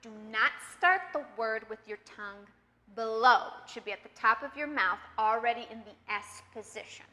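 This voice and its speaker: Bright, high-voiced American accent coach. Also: female voice, moderate pace, big-room sound. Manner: clear, patient, encouraging teacher talk. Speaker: accent trainer. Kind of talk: online pronunciation lesson.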